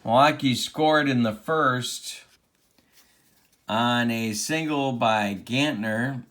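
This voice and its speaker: A man's voice: medium pitch, takes it slowly, a bit bright. A man doing play-by-play commentary of a tabletop baseball game replay, with an announcer cadence and open rooting for his team. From Central Illinois.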